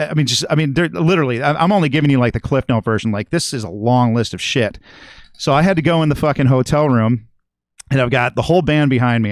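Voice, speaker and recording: A medium-pitched middle-aged man, a guest musician and regular on the podcast, rambles through a long story while cursing constantly. The recording is dry and of studio quality.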